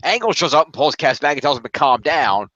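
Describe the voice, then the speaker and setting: A man's voice: fairly high pitch, very animated, fairly bright tone, no echo, dull audio. Man rattling off a wrestling recap. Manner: narrates events in quick run-on summaries, swears casually. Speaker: podcast co-host recapping wrestling. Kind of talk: casual recap chat.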